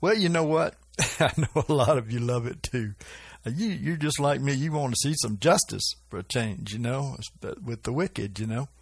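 A man preaching informally about prophetic dreams, with frequent chuckles and a slow, drawling delivery. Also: mid-range voice, expressive, breathy edge, no echo. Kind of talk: informal religious teaching.

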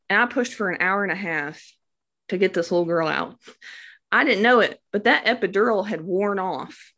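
This mid-range, slightly bright voice belongs to a young new mother telling her birth story. She speaks casually and devoutly, with plenty of fillers and praise throughout her testimony.

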